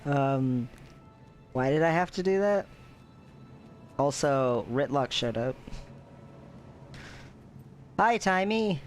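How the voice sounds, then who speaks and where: A man's voice: mid-range voice, animated, slow, long pauses, darkish tone, soft background music. A man chatting casually over his own game playthrough, wry and offhand. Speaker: gamer, channel host. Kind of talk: casual let's-play commentary.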